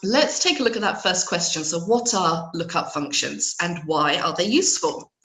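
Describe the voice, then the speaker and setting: Woman, low voice, hoarse and bunged up with a cold, friendly webinar trainer, echoey room. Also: very animated, normal speed, a bit bright. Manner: friendly, chatty, laughs at herself.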